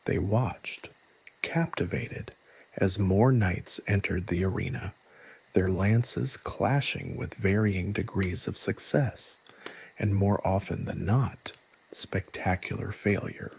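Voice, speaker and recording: A man narrating a scripted story in a soft, hushed, evenly paced reading voice. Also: deep voice, takes it slowly, vocal fry, breathy edge.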